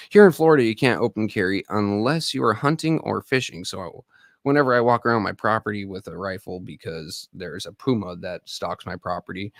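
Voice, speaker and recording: In a dry, studio-quality recording, a man with a fairly low voice chats casually on his live stream. He's in his thirties, an army veteran, and he rambles profanely while addressing viewers directly.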